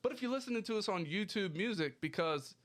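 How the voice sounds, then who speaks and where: A man hosting a casual podcast, animated, profane and joking with his co-hosts. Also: sits high, quick pace. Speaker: podcast host.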